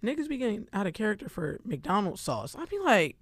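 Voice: mid-range voice, very animated, brisk, dry recording. A podcast co-host in casual chat who talks loosely and animatedly, using lots of slang and filler words.

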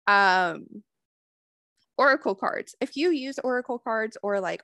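A woman's voice: mid-range voice, fairly bright tone, no room sound, clean studio sound. A woman giving a casual spiritual talk, swearing freely and leaning on "like" as she speaks. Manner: casual, profane, many "like" fillers.

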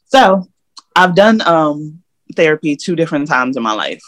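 A woman's voice: deep voice, very animated, moderate pace, no echo. Woman podcast guest, candid and emphatic, talking casually on a dry, close mic. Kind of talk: casual interview.

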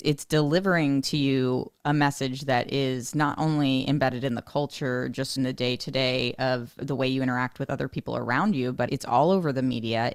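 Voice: mid-range voice, vocal fry, smooth, dry recording. Thoughtful interviewer, dry close sound. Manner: thoughtful, measured, reflects the guest's words back. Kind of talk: reflective interview questioning.

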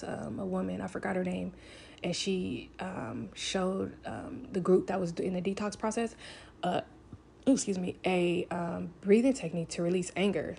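Gravelly-voiced woman telling a personal story. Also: lowish voice, darkish tone, a little hiss or hum. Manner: rambling, many "like" fillers, open and confessional. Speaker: vlogger.

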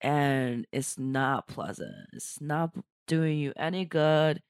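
A woman comedian chatting casually on a podcast, blunt and animated, with somewhat non-standard phrasing. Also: low voice, slow pace, clean tone, no room sound, clean studio sound. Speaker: comedian guest. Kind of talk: casual chat.

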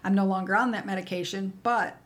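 A woman's voice: medium pitch, fairly even intonation, quick pace. A middle-aged woman in casual conversation, telling candid stories and acting out the people she quotes. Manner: candid storyteller, acts out quoted dialogue. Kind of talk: casual chat.

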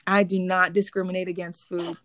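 A woman hosting a podcast in casual chat, telling lively stories and laughing often. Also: lowish voice, brisk, background noise. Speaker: podcast host.

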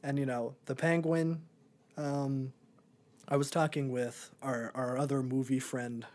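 A man's voice: medium pitch, fairly even intonation, a little slow, a little mellow. A young man and podcast co-host in a casual movie review chat, rambling with many ums and likes.

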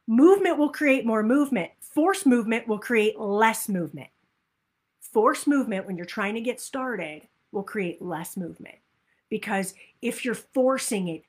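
Upbeat woman coaching with animated energy. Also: fairly high pitch. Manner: upbeat, animated, acts out inner voices. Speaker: health and weight-loss coach. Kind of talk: motivational talk.

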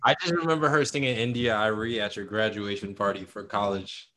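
A man's voice: on the low side, steady tone, fairly quick, fairly bright tone, a little hiss or hum. A man chiming in on a casual podcast chat, laid-back and joking. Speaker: podcast co-host.

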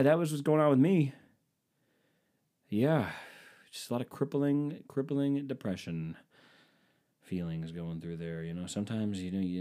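A man's voice: lowish voice, mellow. A man in his twenties hosting a podcast from home, telling rambling, self-mocking stories with plenty of swearing into a microphone hooked up to his computer. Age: 20s. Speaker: podcast host. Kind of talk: casual comedic monologue. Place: indoors at home.

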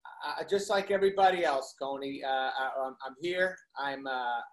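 A man's voice: mid-range voice, moderate pace, low-quality recording. A man telling a rambling comic anecdote as a guest, acting out what people said. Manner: rambling storyteller who acts out quotes. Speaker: interview guest.

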